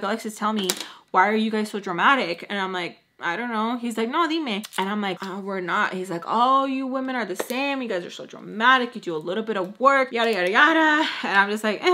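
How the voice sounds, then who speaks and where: A young woman telling a storytime in a casual, animated way, her tone bright and forward. She acts out what others said and slips Spanish phrases into her English. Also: mid-range voice. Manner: animated, acts out quotes in put-on voices, swears freely. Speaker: storytime vlogger.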